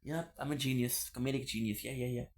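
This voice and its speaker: A man's voice: medium pitch, steady tone, fast talker, a little mellow. Playful man teasing his chat. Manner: playful, teasing, repeats phrases. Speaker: live streamer reading chat. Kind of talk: casual chat with viewers.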